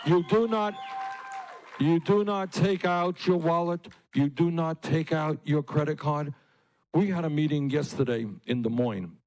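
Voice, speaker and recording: A man running for office gives a campaign rally speech, repeating his points with emphasis and building them up to forceful peaks. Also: medium pitch, vocal fry, husky, low-quality recording. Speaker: political candidate. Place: public rally.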